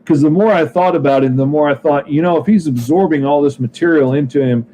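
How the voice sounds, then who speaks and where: Brief: easygoing comic-creator co-host, enthusiastic, slightly raised pitch, faint noise. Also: male voice, fast talker, dark tone, poor audio. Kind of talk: casual podcast chat.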